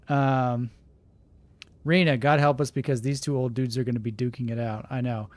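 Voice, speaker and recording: A gaming streamer from Oklahoma, USA, with an Oklahoma accent, casually commentates a video game, reading its text aloud. He speaks at medium pitch and normal speed with little pitch movement, laughing often and reacting to live chat, with no echo.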